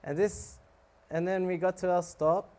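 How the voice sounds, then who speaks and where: Animated man telling a story in a sermon. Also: high voice, a little slow. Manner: animated, laughing, acts out scenes. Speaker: monk and preacher.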